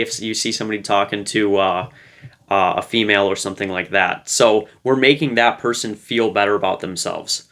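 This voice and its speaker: A man's voice: on the low side, fairly even intonation, brisk, a bit bright. A man giving casual relationship advice to camera, talking in a loose, playful way with lots of fillers. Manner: loose and conversational, full of fillers; playful, light-hearted.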